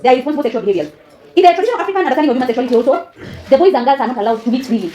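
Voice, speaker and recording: A woman's voice: high voice, expressive, racing, mellow. A woman teaching a classroom lesson, often quizzing students with fill-in questions and laughing. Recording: echoey classroom with student chatter.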